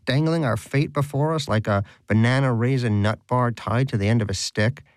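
A man's voice: medium pitch, very animated, a little slow, no echo. A man voicing a brash, sarcastic and greedy male pet rodent who mocks and rants theatrically. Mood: indignant rant. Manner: mocking, theatrical, indignant.

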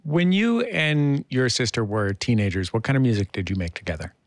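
A man's voice: medium pitch, lively intonation, a little fast, soft background music. A man hosting an interview, asking curious, conversational questions. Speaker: interview host. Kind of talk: radio interview.

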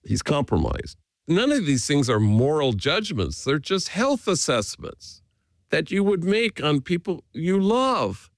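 A man, a priest being interviewed, speaking earnestly and gently as he tells stories. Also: fairly high pitch, vocal fry, no room sound. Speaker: Jesuit priest, guest. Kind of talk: reflective conversational storytelling.

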